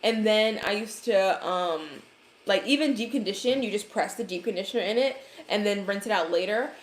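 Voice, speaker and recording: A woman's voice: mid-range voice, moderate pace, echoey room. A woman from Brooklyn, New York, with a Brooklyn accent, chatting casually to livestream viewers and answering their comments with hair care advice.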